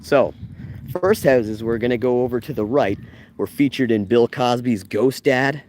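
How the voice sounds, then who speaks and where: Man, from Canada, casual live-stream walking tour, outdoors, excitable, jokey, talking to viewers. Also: medium pitch, measured pace, slight background noise. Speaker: vlogger giving a filming-location walking tour. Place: outdoors on a residential street.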